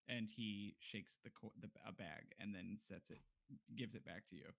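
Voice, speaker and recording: A man's voice: fairly low pitch, moderate pace, vocal fry. Man narrating as game master. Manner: loose, descriptive narration with fillers.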